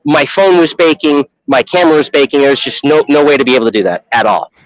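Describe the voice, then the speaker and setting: A man from Chicago with a slightly high voice talks fast while live streaming on his phone from an outdoor festival. He rambles in casual, profane chat and laughs often, and the phone audio is dull and lo-fi with no echo.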